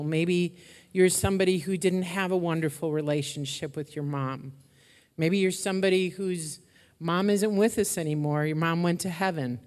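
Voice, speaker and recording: Older female pastor, lower voice, preaching with feeling in a reverberant church hall. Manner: warm, emotional, laughs often. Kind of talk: church sermon and prayer. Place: church auditorium.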